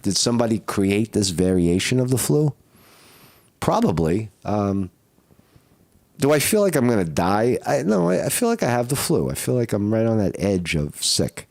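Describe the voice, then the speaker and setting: Low-voiced sick man rambling. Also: very animated, normal speed, darkish tone. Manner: rambling, profane, keeps asking "right?". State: sick with flu, rough throat. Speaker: vlogger. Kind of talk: casual live-stream monologue.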